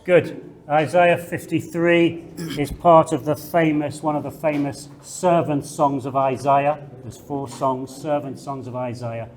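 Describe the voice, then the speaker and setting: Slow, emphatic male theology lecturer. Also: a little high, steady tone, a little mellow. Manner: slow, deliberate, emphatic delivery with measured pauses. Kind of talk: classroom lecture with scripture reading.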